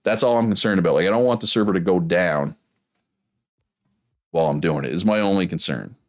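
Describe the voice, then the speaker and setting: A man with a Prince Edward Island accent rambles casually through a game stream, reading chat as he goes. His voice sits low and deep. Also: a little fast. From Prince Edward Island, Canada. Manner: rambling, chatty, reads chat aloud.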